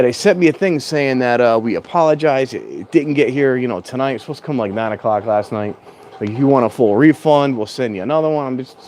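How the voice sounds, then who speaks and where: A man's voice: mid-range voice, darkish tone, a little hiss or hum. Chatty man vlogging outdoors. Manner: rambling, chatty, self-correcting, sometimes raises his voice. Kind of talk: casual rambling vlog chat. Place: outdoors at a train station in strong wind. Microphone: clip-on mic plugged into a handheld phone.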